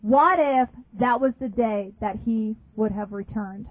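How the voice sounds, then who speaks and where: A woman's voice: a little high, a little slow, husky. A woman preaching a sermon emphatically, repeating phrases and asking her listeners questions. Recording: dry, phone-like narrow sound.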